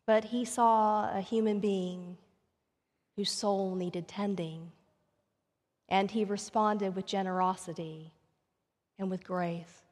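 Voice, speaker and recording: A woman's voice: medium pitch, fairly even intonation, takes it slowly, long pauses, darkish tone. A woman pastor preaching a sermon, telling a story and rising to emphatic questions. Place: church sanctuary. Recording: long reverb of a church sanctuary.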